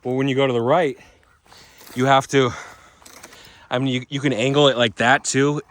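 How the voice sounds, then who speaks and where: A man's voice: medium pitch, level tone, normal speed. A man vlogging outdoors in a casual, rambling way, full of restarts and asides. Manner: chatty, rambling with restarts and fillers.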